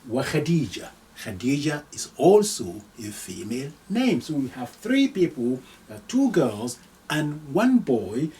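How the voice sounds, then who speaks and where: A man's voice: medium pitch, darkish tone. A man teaching an Arabic lesson, patiently repeating each phrase and giving its translation. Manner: reads sample lines slowly for pronunciation. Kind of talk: recorded language lesson. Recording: voice picked up from a distance.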